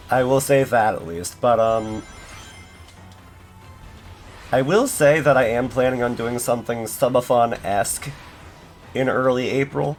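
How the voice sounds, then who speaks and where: Faint game music plays behind a medium-pitched man who is streaming a video game. He chats casually with viewers in a rambling, self-deprecating way, with lots of fillers and false starts.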